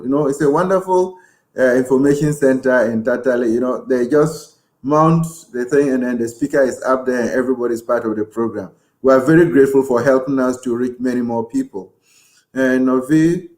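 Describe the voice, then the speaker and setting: A man's voice: mid-range voice, darkish tone. Effusive male host reading viewer comments. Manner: effusive, grateful, chatty. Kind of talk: live show hosting, reading viewer comments.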